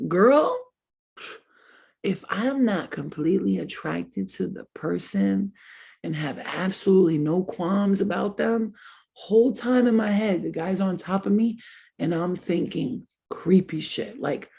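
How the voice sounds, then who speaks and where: A young woman hosts a casual chat with a husky, breathy voice at a middle pitch. She tells candid, crude stories and laughs often. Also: unhurried, dark tone. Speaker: host.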